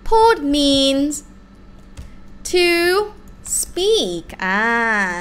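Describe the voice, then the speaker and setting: A young woman with a Thai accent teaching a live-streamed language lesson in a chatty, animated way. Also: high voice, drawn-out words.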